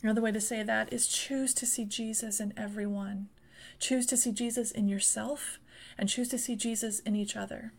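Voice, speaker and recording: A woman's voice: fairly high pitch, fairly even intonation, moderate pace, gravelly, slightly rough. A woman preaching a sermon, reading scripture and building into fervent, repeated exhortations. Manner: fervent, repeats phrases and rises into passionate exhortation.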